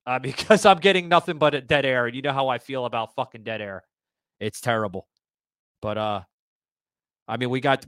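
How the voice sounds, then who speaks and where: A man's voice: mid-range voice, fairly bright tone, clean tone, no room sound. A man hosting a political talk show, ranting heatedly, swearing a lot and stumbling over repeated restarts. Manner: swears a lot, stammering restarts, gets fired up. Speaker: podcast host. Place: live audio room broadcast.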